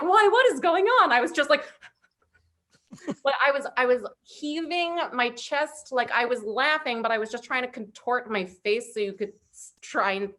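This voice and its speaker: A woman, a former cast member, animatedly retelling a funny stage mishap on a video call. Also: on the high side. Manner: animated, giggly storyteller. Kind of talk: casual reminiscing on a video call.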